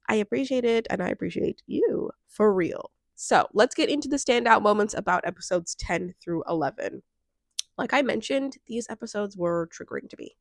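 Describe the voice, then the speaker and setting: A woman's voice: mid-range voice, dry recording, studio quality. Chatty young woman on a couch. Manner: chatty, animated, laughs often. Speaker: reality show recap vlogger. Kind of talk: casual chat. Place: home, on a couch.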